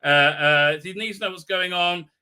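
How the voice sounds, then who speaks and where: A man's voice: high-pitched, moderate pace, sharp tone, clear, resonant tone. A man casually recapping a TV episode on a live stream, mocking it and acting out lines in silly voices, with lots of "uh"s and restarts. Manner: mocking, acts out quotes in funny voices, many fillers and restarts.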